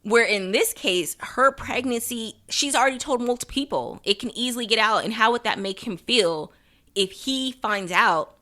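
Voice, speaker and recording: Young woman podcast host, bright tone, casual chatty recap, laughs a lot. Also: fairly high pitch, moderate pace. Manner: chatty, laughs often, acts out quotes.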